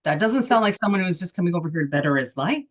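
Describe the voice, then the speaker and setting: A woman's voice: lowish voice, expressive, racing. Emphatic woman co-hosting political chat. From Texas. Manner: emphatic, rhetorical questions. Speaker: co-host.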